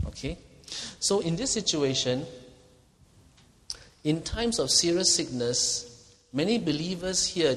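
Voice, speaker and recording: A man of middle pitch delivers an expository sermon in a church hall. He stresses his points and often stops to ask "okay?" Long reverb from the hall trails after each phrase. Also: fairly bright tone. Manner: emphatic teaching with frequent "okay?" check-ins. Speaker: preacher.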